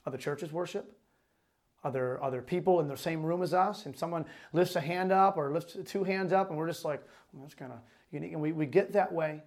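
A male pastor with a notably high voice for a man delivers a sermon. He reads scripture passages aloud, then breaks into loose, lively explanation, full of asides to his congregation. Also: fairly quick.

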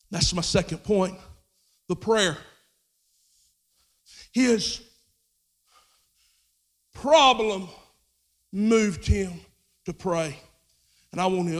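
A man delivers a sermon in a strikingly high voice. He shifts from low, quiet explanation to loud, shouted exhortation. The sound carries a long reverb, as if from a large church hall. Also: slow pace, long pauses. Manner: swings from low intimate talk to shouted preaching. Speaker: preacher.

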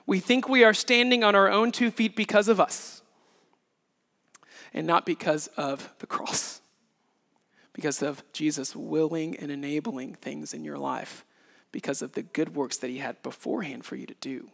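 Animated high-voiced preacher in a hall. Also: male voice, moderate pace, creaky. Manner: animated, acts out scenes with sound effects and voices. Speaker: pastor. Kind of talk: sermon. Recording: reverberant hall.

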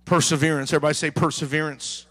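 Pastor guy preaching, high bright voice, hollers and asks the crowd to answer back. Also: level tone, fast talker. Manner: preaches with sudden shouts and call-and-response. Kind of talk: sermon.

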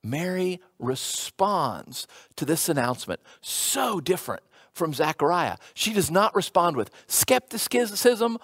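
A man preaching a sermon, retelling a Bible story in a lively storytelling way with colloquial paraphrase and quick acted-out quotes. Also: a little high, breathy edge, dry recording, clean studio sound. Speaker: pastor.

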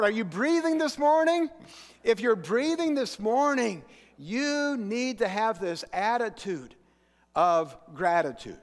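A man's voice: high-pitched, sing-song, a little slow. A middle-aged man preaching a sermon as pastor in a church, earnest and emphatic, drawing the congregation into call-and-response. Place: church sanctuary. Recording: long hall reverb.

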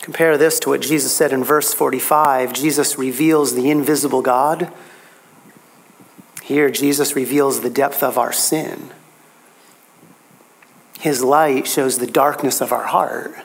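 A man preaching a sermon, emphatic, his pitch rising on key phrases. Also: fairly even intonation, unhurried, vocal fry, pauses often.

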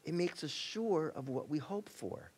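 A male pastor preaching a sermon in a conversational way, acting out quotes and shifting between excited bursts and quiet, soft passages. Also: a little high, measured pace, slightly rough. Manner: conversational preaching, acts out quotes, rising and dropping to a hush.

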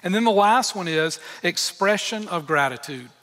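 A male pastor preaches earnestly and emphatically, breaking off for candid personal asides. His slightly high voice has a bright, forceful edge, lively intonation, and a moderate pace. A long reverb suggests a church sanctuary.

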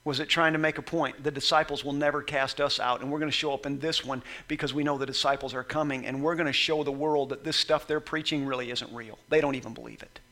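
A man delivering a sermon in a high, sharply bright voice. He reads scripture slowly and quietly. He then acts out the scenes, rising to loud, shouted passages. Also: fairly even intonation. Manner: acts out Bible scenes in voices, swings from soft reading to shouting. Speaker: pastor.

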